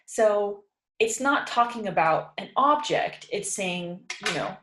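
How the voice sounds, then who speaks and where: A woman's voice: medium pitch, animated, takes it slowly, sharp tone, slight background noise. A woman teaching English in an informal lesson, patiently explaining and acting out example sentences. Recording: echoey room.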